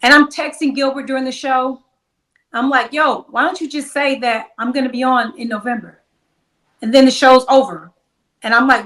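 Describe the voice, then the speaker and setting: Woman, interview guest, animated storyteller, slightly high voice, roomy echo. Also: moderate pace, far from the mic. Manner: animated, acts out quoted dialogue.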